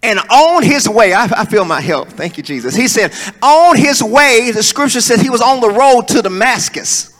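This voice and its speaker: A male preacher, preaching a sermon and swinging between soaring calls and low, joking asides. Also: animated, normal speed, a bit bright. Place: church hall. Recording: long hall reverb.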